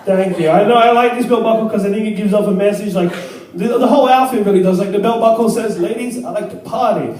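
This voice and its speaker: A man's voice: high-pitched, fast talker, darkish tone. A young man performing a crude, self-deprecating stand-up comedy set in a club. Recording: echoey club from far off. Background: laughing crowd.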